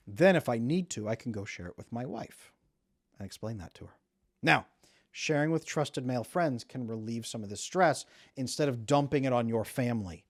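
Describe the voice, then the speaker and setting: A relationship coach delivers advice in an emphatic, driving way, firing off rhetorical questions at the listener. His pitch swings widely from line to line, which keeps the talk lively. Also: moderate pace. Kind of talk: direct-to-camera advice talk.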